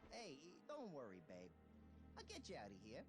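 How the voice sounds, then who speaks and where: A woman's voice: extremely low pitch, wildly swooping pitch, moderate pace, exaggerated voice. A woman voicing a wisecracking male bat sidekick with a sarcastic, teasing manner, with game music behind.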